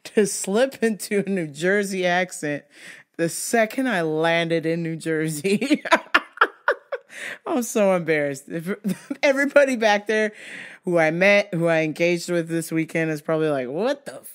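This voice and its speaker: A hoarse woman from California hosting a casual solo podcast, chatty, laughing often and swearing freely. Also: lowish voice, expressive, normal speed. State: hoarse from yelling. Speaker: podcast host.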